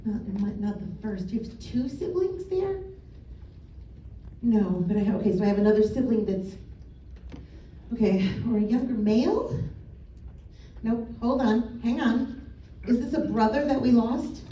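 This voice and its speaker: A woman's voice: fairly high pitch, expressive, unhurried, long pauses, warm tone. A woman psychic medium giving a live reading in a casual, blunt way, swearing and laughing. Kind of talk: live spirit-message reading. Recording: echoey room from a distance.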